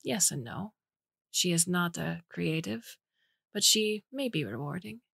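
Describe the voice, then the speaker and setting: A woman's voice: lowish voice, animated, a little slow, vocal fry, a bit bright, slightly rough, dry recording, studio quality, full character voice. A woman voicing a shy young male historian who speaks careful English with a Dutch accent. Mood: explaining. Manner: careful, precise.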